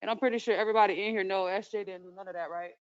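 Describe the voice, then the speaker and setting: A woman's voice: medium pitch, fairly even intonation, racing, clear, resonant tone. A woman making a public comment at a city meeting, direct and challenging as she reads a policy aloud. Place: council chamber. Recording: dull lo-fi meeting audio.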